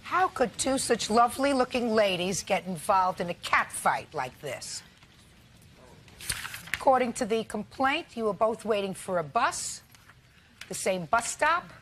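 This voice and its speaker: A woman's voice: fairly high pitch, big pitch swings, measured pace, slight background noise. An older woman acting as a TV judge, scolding and sarcastic as she rules on a small-claims case. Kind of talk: courtroom TV ruling.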